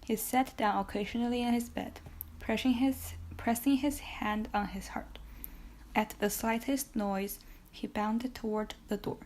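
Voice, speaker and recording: A woman narrating a classic novel as an audiobook reader, steady with occasional self-corrections. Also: a little high, a little slow, a little hiss or hum. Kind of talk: reading a classic novel aloud.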